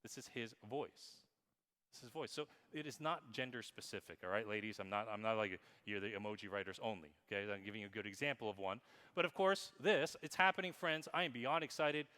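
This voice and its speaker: Bright-voiced man speaking in a reverberant hall. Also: on the low side, brisk. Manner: playful, reads examples aloud in an exaggerated voice. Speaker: keynote speaker. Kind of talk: conference talk on marketing. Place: conference hall with audience.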